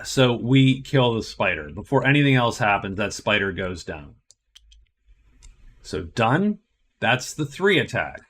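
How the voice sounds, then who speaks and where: A man's voice: mid-range voice, pushed and bright, husky. A man narrating a solo board game playthrough, thinking aloud and explaining each move step by step.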